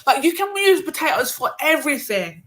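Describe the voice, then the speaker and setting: Woman, casual livestream chat, video call mic, bright tone, slangy and rambling. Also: high voice, big pitch swings, brisk, low-quality recording. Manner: chatty, slangy, lots of fillers. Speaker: livestream panel host.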